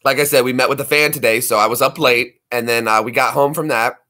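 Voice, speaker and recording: A man's voice: mid-range voice, fast talker. A man hosting a casual livestream, rambling and chatty. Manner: rambling, animated, does voices for pets. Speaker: livestream host. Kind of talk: casual chat.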